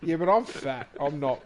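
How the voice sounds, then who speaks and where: A man's voice: on the high side, a little mellow. A man co-hosting a stream, joking and laughing often, mocking himself. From Australia. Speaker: stream co-host. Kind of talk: casual chat over racing commentary.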